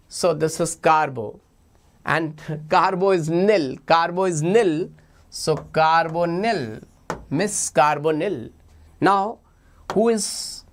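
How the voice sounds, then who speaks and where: A man teaching chemistry for an exam in a playful, animated lecture, often repeating his phrases. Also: fairly high pitch. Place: online class recording.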